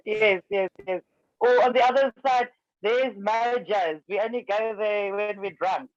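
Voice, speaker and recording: A woman's voice: medium pitch, very animated, slow, dry recording, dull audio. A South African woman talking as a podcast guest, with a South African accent that leans American, laughing often and chatting freely. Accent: South African with American influence. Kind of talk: casual chat.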